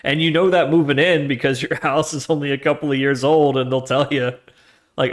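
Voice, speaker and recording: A man streaming himself coding a trading tool, chatting loosely with slang and laughs, then muttering quietly to himself as he works. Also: on the high side, fairly even intonation, brisk. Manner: slangy, with laughs between phrases. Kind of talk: casual live-coding chat.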